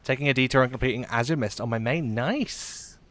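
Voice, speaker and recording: A man's voice: mid-range voice, a little fast, a bit bright. A man chatting casually while live-streaming a game, giggling often and trailing off into fillers.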